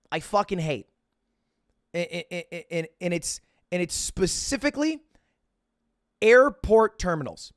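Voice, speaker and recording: A man's voice: high-pitched, no echo, clean studio sound. A man streaming, telling a rambling, self-mocking story full of swearing and restarts. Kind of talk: casual storytelling to stream chat.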